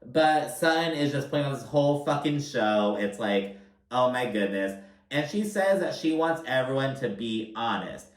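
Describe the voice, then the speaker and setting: A man's voice: medium pitch, lively intonation, moderate pace, far from the mic. A young man giving a casual, chatty reality-TV recap with lots of filler words and swearing. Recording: roomy sound, voice a bit off-mic.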